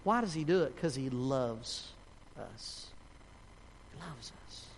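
A man preaching a sermon in a fervent, folksy way, swinging between shouts and hushed tones. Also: mid-range voice, expressive, takes it slowly, slight background noise. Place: church sanctuary. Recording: long reverb of a church hall.

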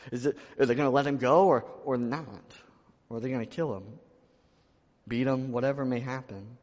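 A man's voice: medium pitch, darkish tone. A male pastor preaching a sermon, repeating phrases and building in intensity. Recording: dull lo-fi sound in a reverberant hall.

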